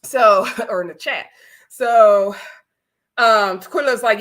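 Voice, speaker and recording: Woman w/ aave doing a live recap, bright n kinda high, laughs a lot. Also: slow pace. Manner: chatty, laughs often, acts out quoted voices. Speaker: vlogger recapping a reality show. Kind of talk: casual live-stream recap.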